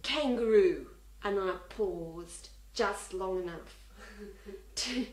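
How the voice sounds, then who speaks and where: An Australian woman telling funny stories to an audience, animated and laughing, acting out the people in them. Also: mid-range voice, very slow, reverberant. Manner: animated, laughing, acts out voices in her stories. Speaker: speaker. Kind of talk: humorous storytelling talk.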